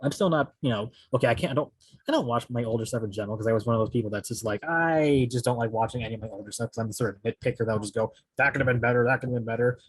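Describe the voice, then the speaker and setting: Fast-talking husky man. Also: medium pitch, dry recording, low-quality recording. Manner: fast, candid, blunt. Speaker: podcast co-host. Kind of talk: casual chat.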